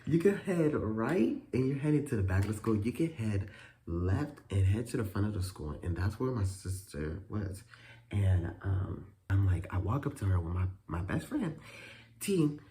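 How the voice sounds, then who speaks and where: A young man in a casual storytime vlog, telling a school story in animated, profane bursts with sudden jumps in pitch. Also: normal speed, slight background noise. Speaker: vlogger.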